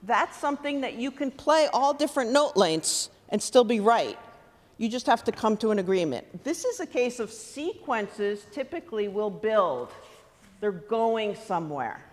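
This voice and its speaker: A woman clinician coaching a student wind band in rehearsal, lively and full of questions to the players. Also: on the high side, a little slow. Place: large theatre stage. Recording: long hall reverb.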